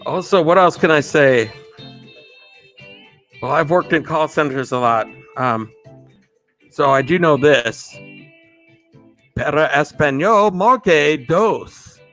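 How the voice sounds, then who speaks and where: A man's voice: on the high side, takes it slowly, pauses often, fairly bright tone, soft background music. Upbeat man hosting a live stream. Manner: upbeat, greets viewers by name, laughs often. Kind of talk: casual live stream shout-outs.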